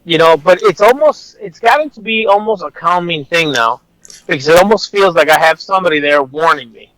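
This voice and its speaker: A man's voice: a little high, animated, fairly quick, a bit bright, no echo, low-quality recording. A man, an officer, telling a personal story in a casual, rambling way, blunt and swearing at times. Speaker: officer guest.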